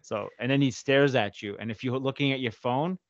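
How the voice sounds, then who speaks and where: A middle-aged man, a podcast host, telling animated, profane stories in casual chat. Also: medium pitch, a little fast, no room sound, lo-fi sound.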